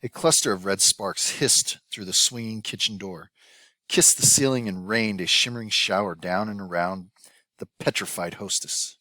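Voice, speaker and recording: Low-voiced man narrating a novel. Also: moderate pace, pushed and bright, no echo. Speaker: audiobook narrator. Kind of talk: scripted narration.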